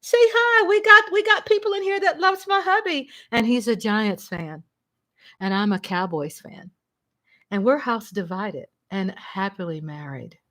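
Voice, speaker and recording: High-voiced chatty woman streamer. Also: measured pace. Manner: excitable, chatty, shouts and laughs with excitement. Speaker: livestream host. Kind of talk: casual livestream chat. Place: home.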